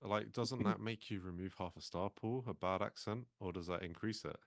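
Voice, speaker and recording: Low-voiced man with dry quips. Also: normal speed, vocal fry, no room sound. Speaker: podcast co-host. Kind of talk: casual chat.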